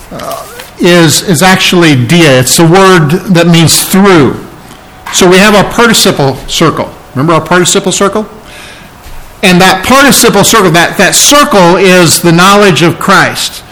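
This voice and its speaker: A man preaching an expository sermon, emphatic and climbing higher in pitch when his delivery gets excited. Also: measured pace, low-quality recording. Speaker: pastor.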